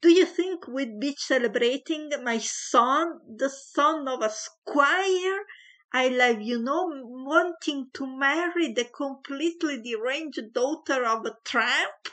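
A man's voice: a little slow, bright, forceful tone, full character voice. A woman putting on a blustering pompous squire. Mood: raging. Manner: booming, theatrical outbursts. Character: pompous blustering squire father, hot-tempered.

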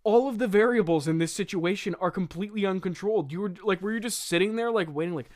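A man's voice: high-pitched, fast talker, hardly any pauses. Incredulous, laughing man mocking a script. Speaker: host. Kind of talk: comedic commentary on reading his old script.

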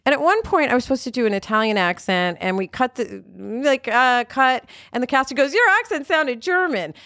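A woman guest on a podcast, talking in an animated, rambling way with lots of fillers and casual swearing. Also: on the high side, a little fast, dry recording, clean studio sound. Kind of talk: casual interview chat.

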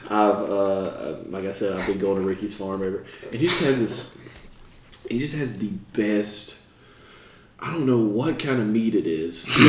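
A man's voice: medium pitch, far from the mic, background noise, close to an everyday voice. Improv: a man playing a rambly regular guy. Near-natural voice, echoey room. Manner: rambling, meandering. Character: adult male farm customer, chatty.

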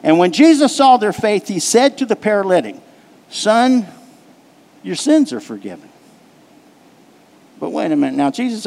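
A man's voice: extremely high pitch, sing-song, normal speed, pauses often, a little mellow, in a large hall. A man preaching a sermon to his congregation, pressing his points with repetition and questions put to the room. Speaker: pastor. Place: church sanctuary.

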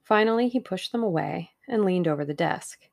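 A woman reading a novel aloud as an audiobook narrator, in a measured storytelling manner. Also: fairly low pitch, expressive, gravelly, a little mellow.

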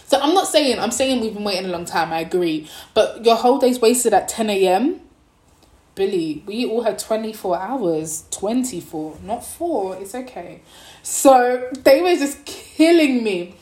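A young woman vlogging, telling a story in a casual, animated way and acting out the people in it. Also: medium pitch, normal speed, echoey room.

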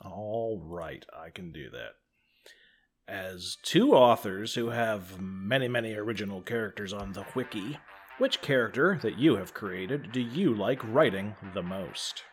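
A man's voice: on the low side, unhurried, breathy edge. A man co-hosting a podcast over a remote call, speaking with dry, wry humor. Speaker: podcast co-host. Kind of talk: casual podcast chat. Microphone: remote call recording.

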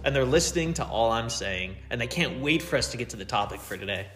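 A man's voice: medium pitch, roomy sound, music in the background. A young man co-hosting a podcast, joking and laughing in casual chat. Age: young adult. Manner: joking, lively, quick to laugh. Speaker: podcast co-host.

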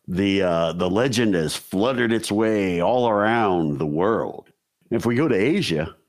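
Guy with a lowish voice, swoopy and animated, spinning spooky folklore with dumb jokes. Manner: wry, jokey asides while reading lore. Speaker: podcast co-host. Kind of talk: casual storytelling chat.

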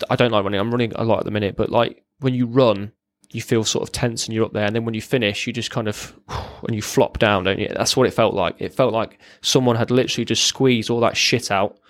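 A man, a former serviceman, telling his own story as a podcast guest in a halting, plain-spoken way. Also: mid-range voice, dry recording. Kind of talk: candid personal storytelling.

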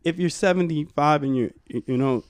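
A man's voice: a little high, a little fast, clean tone, no room sound, studio quality. A man in casual chat, talking reflectively and rambling with many restarts.

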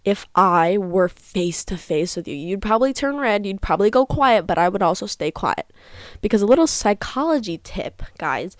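A young woman talks straight to her listeners in a frank, chatty monologue full of filler words. Her voice sits at a middle pitch and is recorded close and dry, with no room sound. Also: dry recording. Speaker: podcast host. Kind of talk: casual advice monologue.

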